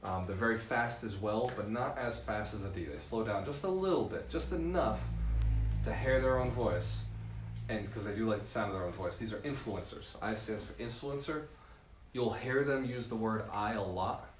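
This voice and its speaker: A man giving a live seminar as a real estate mentor, lively and laughing often, tagging points with "right?". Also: lowish voice, moderate pace, reverberant, soft background music. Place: room with a live audience.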